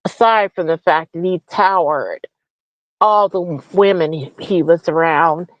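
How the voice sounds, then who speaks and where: A woman's voice: lowish voice, a little slow, no echo. A woman hosting a comedic political rant, mocking and profane, firing off rhetorical questions. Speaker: host. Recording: dull lo-fi recording.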